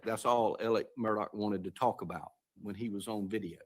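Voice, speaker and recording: A man's voice: fairly low pitch, steady tone, normal speed, hardly any pauses. A man serving as an appellate judge, asking hesitant, searching questions from the bench in a courtroom.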